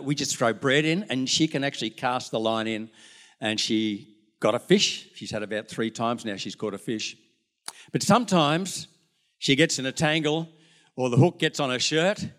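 A man's voice: mid-range voice, fairly bright tone. An older man with an Australian accent, preaching a sermon as a pastor, telling folksy stories with asides to the congregation. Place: church.

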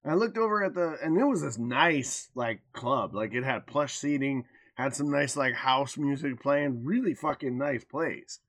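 A man's voice: mid-range voice, normal speed, hardly any pauses, a bit bright. An American man co-hosting a podcast, telling a loose, profane bar story in casual chat. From United States. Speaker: podcast co-host.

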